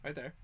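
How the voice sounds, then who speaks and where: A man's voice: pushed and bright, slight background noise. A man running a tabletop game as game master over voice chat, rambling with many fillers and restarts. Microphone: online voice chat.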